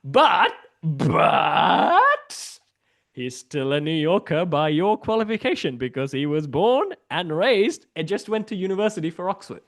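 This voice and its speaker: A man's voice: on the high side, very animated, a little slow, gravelly, a bit bright. A man chatting as a guest on a video call, teasing and laughing as he argues his point. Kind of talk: casual chat.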